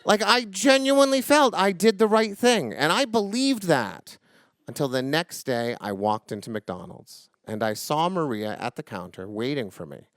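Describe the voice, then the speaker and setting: A man in his forties telling a true story live on stage into a microphone, swinging from loud indignation to hushed reflection. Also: on the high side, big pitch swings, moderate pace, dry recording, clean studio sound.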